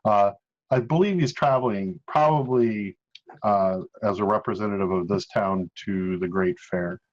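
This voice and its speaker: A man voicing a calm, devout village priest in a tabletop game, his accent changing as he goes. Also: lowish voice, muffled recording, lightly acted. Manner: accent keeps switching, slow and patient.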